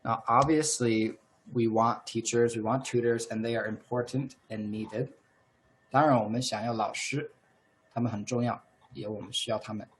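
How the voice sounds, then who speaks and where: A male language teacher giving a lesson, switching between two languages and repeating each phrase slowly and patiently. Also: medium pitch, steady tone, a little hiss or hum, rough recording.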